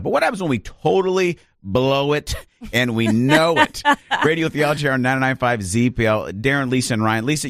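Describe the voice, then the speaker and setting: A male radio host talks fast and jokes around with his co-hosts. His voice sits at a middling pitch, close and dry. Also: no room sound. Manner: quick, joking, bantering. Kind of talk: casual chat.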